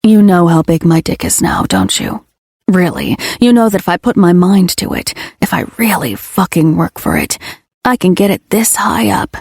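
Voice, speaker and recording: A woman voicing a brooding, possessive young man in a romance audiobook, his voice hoarse, low and growly, blunt and commanding. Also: sing-song, moderate pace, a little mellow, no echo, clean studio sound, heavily acted.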